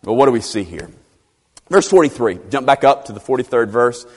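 A male preacher in mid-sermon, emphatic and animated, who repeats key phrases for stress. His medium-pitched voice moves up and down a lot. A long reverb trails each line, as in a large hall. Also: brisk. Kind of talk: expository sermon.

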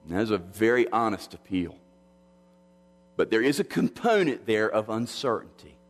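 A pastor preaching an expository sermon, measured and earnest, often restarting his phrases. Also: on the low side, sing-song. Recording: long hall reverb.

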